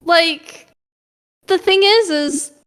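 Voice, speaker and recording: A young woman co-hosts a podcast in casual chat, playful and teasing, frequently restarting her sentences. Her voice is very high-pitched and a bit bright, with drawn-out words.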